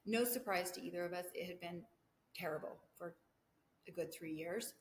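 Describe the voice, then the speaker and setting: A middle-aged woman with a fairly low voice talks through a personal story for her podcast. She rambles, interrupts herself and laughs between thoughts. The room is echoey, with a faint hum behind her. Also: moderate pace. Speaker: podcast host.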